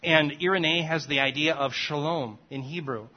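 A man teaching scripture to a class, his voice sitting a little higher than most men's. He explains step by step and keeps checking that his listeners follow. The recording is dull and lo-fi. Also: normal speed. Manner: checks in often with "okay?" and "right?". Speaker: Bible study teacher.

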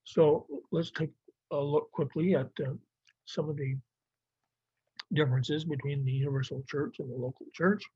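Husky-voiced man teaching a Bible lesson. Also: fairly high pitch, fairly even intonation, normal speed, mellow, no room sound. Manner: plain, explanatory, with fillers and restarts. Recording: dry, muffled lo-fi recording.

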